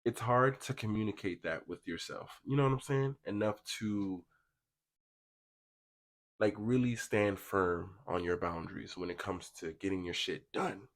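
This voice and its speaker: A man's voice: fairly low pitch, unhurried. A young man giving a casual pick-a-card tarot reading, chatty and slangy, talking straight to his viewers. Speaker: tarot reader.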